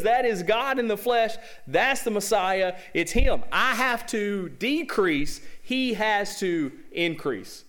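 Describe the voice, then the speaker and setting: A man's voice: high voice, expressive, slow pace, few pauses, a bit bright. A man with a Southern accent preaching a sermon as pastor, in a folksy, conversational way full of rhetorical questions.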